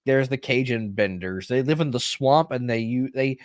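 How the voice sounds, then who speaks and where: A man from Louisiana recaps a show's plot in loose, rambling talk. He backtracks and corrects himself often. His voice is mid-pitched and recorded dry and close. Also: normal speed, no echo. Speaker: podcast co-host. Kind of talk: casual livestream chat.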